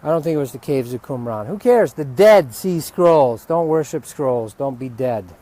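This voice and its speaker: A man giving an unscripted spiritual teaching talk outdoors, ranting with heavy profanity and sudden loud outbursts. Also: mid-range voice, lively intonation, moderate pace. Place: outdoors near dogs.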